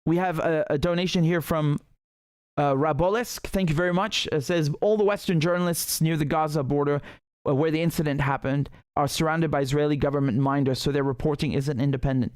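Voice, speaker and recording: A man's voice: fairly high pitch, fairly even intonation, a little fast, a little mellow, clear, resonant tone, no echo, clean studio sound. A male host giving heated, emphatic political commentary on a livestream, often restarting his sentences.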